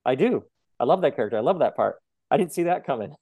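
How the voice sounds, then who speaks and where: A man's voice: medium pitch, animated, fast, warm tone, no room sound. A man interviewed as an author, talking animatedly about his book and acting out the voices of people he quotes. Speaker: author guest. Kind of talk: conversational interview.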